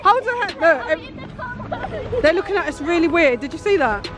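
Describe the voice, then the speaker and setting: A woman's voice: very high voice, expressive, normal speed. A middle-aged British woman filming a family vlog outdoors on a phone, chatting and commenting on what happens around her. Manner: chatty, commenting on the scene as she films. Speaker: family vlogger filming a birthday surprise. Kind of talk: casual handheld vlog narration. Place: outdoors on a city street. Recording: loud music over street crowd noise.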